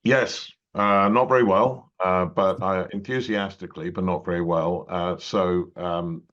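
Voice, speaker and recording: Deep-voiced English man telling stories. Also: steady tone, a little slow, fairly bright tone. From England. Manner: rambling, many fillers and restarts. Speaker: judge. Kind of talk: conversational interview storytelling. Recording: dull lo-fi audio.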